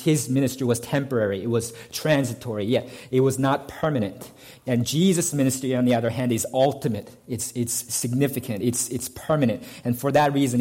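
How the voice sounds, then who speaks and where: A man preaching to his congregation, in a voice neither high nor low. He explains the passage point by point and stumbles over restarts and fillers as he goes. When he reads the text aloud, he leans hard on its key words. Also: a little mellow. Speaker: pastor. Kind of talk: sermon.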